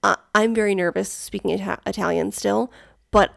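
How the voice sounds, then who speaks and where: Very gravelly American woman. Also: mid-range voice, steady tone, normal speed, no room sound, studio quality. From United States. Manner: thoughtful, self-correcting. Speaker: podcast co-host. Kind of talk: casual chat.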